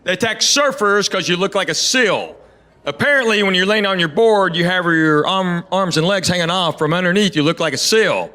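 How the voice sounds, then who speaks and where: High, bright comedian on stage. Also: male voice, animated, moderate pace. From Knoxville, Tennessee. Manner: storytelling with quoted voices, playful asides to the audience. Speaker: stand-up comedian. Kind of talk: stand-up comedy set. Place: comedy stage with live audience.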